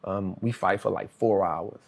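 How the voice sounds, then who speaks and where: With a low, gravelly voice at a measured pace, a man from New Orleans shares his life story as a guest. He talks in casual street slang and retells events lively, acting out what people said.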